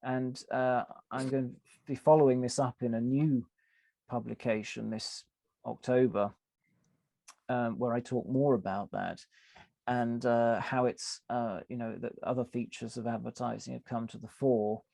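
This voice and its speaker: Man, podcast guest, mellow gravelly voice, halting thoughtful explanations, dry close mic. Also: medium pitch, steady tone, no echo. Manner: thoughtful, hesitant with many fillers and restarts. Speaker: podcast guest, advertising author. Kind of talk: conversational interview explanation.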